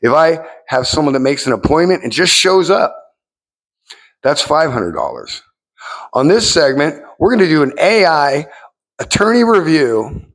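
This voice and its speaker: A middle-aged man vlogging in a casual, rambling monologue, cursing freely and jumping up in pitch when excited.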